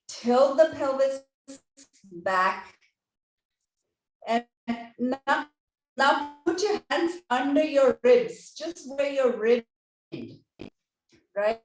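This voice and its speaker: Slow-cueing female yoga teacher, roomy. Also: high voice, far from the mic. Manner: gentle step-by-step cueing with frequent "right?". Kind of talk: guiding a yoga class. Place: yoga studio.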